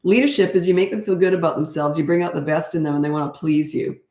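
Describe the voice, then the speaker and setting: A woman's voice: deep voice, fast talker, darkish tone, reverberant. A middle-aged woman coaching parents in a casual live-stream Q&A, frank and chatty, laughing often, on a webcam.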